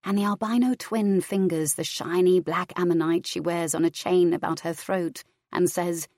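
A woman narrating fiction aloud in a measured, even storytelling manner. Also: fairly low pitch, dry recording, clean studio sound. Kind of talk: audiobook fiction reading.

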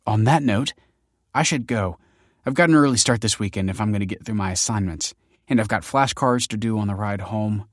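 A man voicing a brash, teasing young woman who snaps back in quick banter. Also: on the low side, dry recording, clean studio sound, close to an everyday voice. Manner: sharp, snappy banter.

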